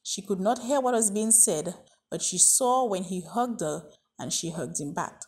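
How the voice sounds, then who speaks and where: Woman narrator for a read-aloud children's story, husky, mid-pitched, steady. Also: unhurried.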